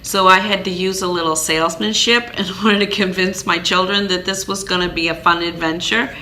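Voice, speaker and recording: A woman from Maine telling a personal story as a vlogger, in an animated, chatty way with fillers and restarts. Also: on the low side, brisk, slight background noise. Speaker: vlogger, single parent.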